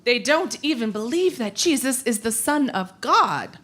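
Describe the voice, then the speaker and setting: Sniffy, prim young gossip of old times, drawled slow with a swooping pitch, as a woman puts her on. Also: sing-song, a bit bright, full character voice. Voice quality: disapproving, sniffy.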